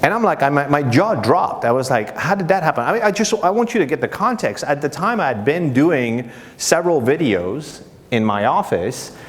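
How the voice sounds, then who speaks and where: A man's voice: a little high, normal speed, hardly any pauses. French-accented man presenting in a hall. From France. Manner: humorous storytelling, animated quotes. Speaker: conference speaker. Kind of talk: live presentation. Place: conference breakout room. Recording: long hall reverb.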